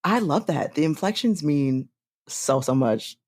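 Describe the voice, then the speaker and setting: Expressive woman podcast host. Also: low-pitched, a little slow. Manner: laughs often, expressive and playful. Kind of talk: casual podcast chat.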